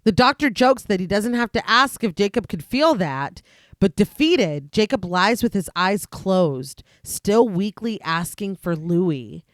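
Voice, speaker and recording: Here a woman recaps a film for her podcast, reading from a script at a measured pace in a medium pitch. She narrates steadily and descriptively with the occasional dry aside, recorded in a dry space without echo.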